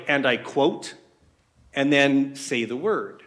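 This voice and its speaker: A man's voice: medium pitch, animated, takes it slowly, a bit bright. A man preaching a sermon in a conversational way, asking his listeners many rhetorical questions.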